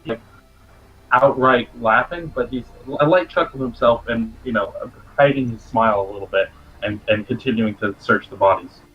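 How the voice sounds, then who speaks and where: A man's voice: mid-range voice, moderate pace, slightly rough, highs cut off, faint music behind. A man playing a tabletop role-playing game, describing his character's actions hesitantly. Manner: hesitant, many fillers. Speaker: player.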